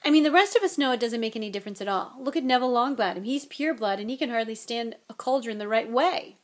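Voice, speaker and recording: A woman voicing a young wizard schoolboy who sounds hoarse and weak, in an audiobook reading. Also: a little high, lively intonation, fast talker, lightly acted. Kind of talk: audiobook character voice.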